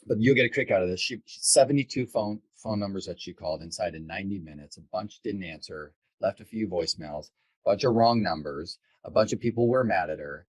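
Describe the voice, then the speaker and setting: A man's voice: sits low, fairly quick, dry recording, rough recording. A man hosting a casual podcast conversation as a sales coach, speaking in an enthusiastic, affirming way.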